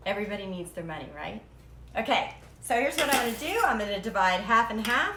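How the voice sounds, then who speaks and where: A woman's voice: medium pitch, very animated, fast, bright, forceful tone, slight background noise. A woman hosting a live cooking demo from her home kitchen, chatty and playful, slipping into silly rhymes as she works. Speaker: cooking show host. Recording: echoey kitchen with clattering dishes.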